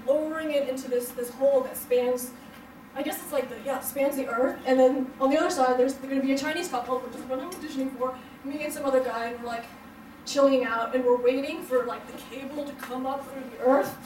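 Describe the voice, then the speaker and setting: A young woman tells comic stories on a stage, her high voice wandering through fillers and bursts of laughter. She is heard from a distance in a roomy hall, with a faint murmur of the room behind her. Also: slight background noise. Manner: rambling, filler-heavy storytelling with frequent laughs. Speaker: stand-up comedian. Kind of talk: stand-up comedy set. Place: hotel event room before a live audience. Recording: roomy, distant live-show sound.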